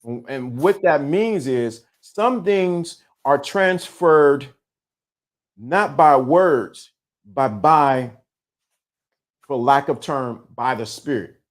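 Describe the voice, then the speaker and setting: A man's voice: medium pitch, very slow. Emphatic man repeating his points. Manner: repetitive, emphatic, preacher-like cadence. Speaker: host. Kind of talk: live-streamed motivational talk.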